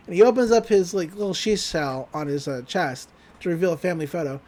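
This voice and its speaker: Talking at a quick pace in a mellow voice on the low side, a woman co-hosts a podcast. Her recap is casual and chatty, full of giggles, laughs and fillers.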